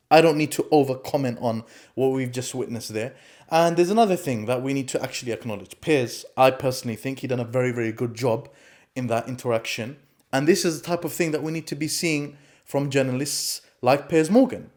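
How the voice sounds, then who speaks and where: A man's voice: medium pitch, a little fast, a little mellow. A man hosting a reaction commentary vlog, talking emphatically and repeating his points. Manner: emphatic, repetitive.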